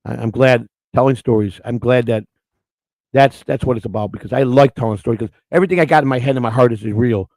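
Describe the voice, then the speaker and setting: A man co-hosting a morning show, telling stories in loud, outspoken casual chat. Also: mid-range voice, dry recording. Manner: loud, outspoken, animated storyteller.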